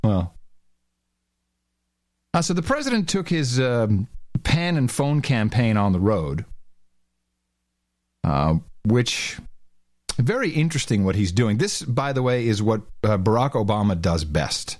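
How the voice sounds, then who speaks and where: Sarcastic male host with a lively voice. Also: unhurried, long pauses, dry recording. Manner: mocking, sarcastic, mimics voices with pitch jumps. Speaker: talk show host. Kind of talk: sarcastic commentary over played clips.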